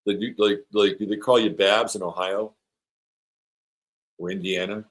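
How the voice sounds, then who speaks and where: A man's voice: fairly low pitch, steady tone, measured pace, poor audio. A middle-aged man hosting an astrology live stream, chatting playfully and rambling as he reads viewer comments aloud. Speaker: astrologer host.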